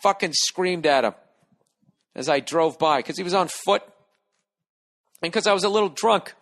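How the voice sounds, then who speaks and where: A middle-aged American man hosting a podcast, telling a profane, animated comic story and acting out the people in it. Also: high voice, normal speed. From United States. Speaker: podcast host. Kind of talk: casual comedic monologue.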